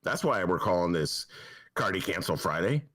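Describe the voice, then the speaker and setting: A man hosts a podcast in a loose, comic monologue. His pitch swings wildly, and he leaps into high, mocking voices. The delivery stays sarcastic and playful throughout. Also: normal speed. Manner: animated and sarcastic, jumps to high mock voices. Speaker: podcast host, newspaper columnist.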